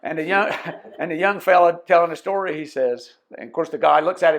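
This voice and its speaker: Brief: folksy male storyteller, gravelly, a touch high, talks straight to the crowd. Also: brisk. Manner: folksy, addresses the audience directly. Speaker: storyteller co-host. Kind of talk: live storytelling before an audience. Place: museum parlor talk.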